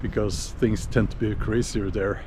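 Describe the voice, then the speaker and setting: A man giving a casual opinion monologue while walking outdoors, unhurried and musing, with many fillers and restarts. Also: on the low side, fairly even intonation, noisy background. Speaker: video blogger.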